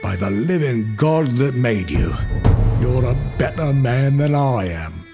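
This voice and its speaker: Slow gravelly man reciting a poem over music. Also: mid-range voice, expressive. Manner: theatrical, voicing a rough soldier with dropped g's and loud bursts of shouting. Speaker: poetry reader. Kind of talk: dramatic poetry recitation. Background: music score.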